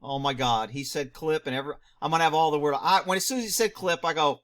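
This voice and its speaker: A man reacting to a news clip, firing off rhetorical questions, answering them himself and shouting mocking asides. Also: a little high, fast talker. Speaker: video commentator; former police officer.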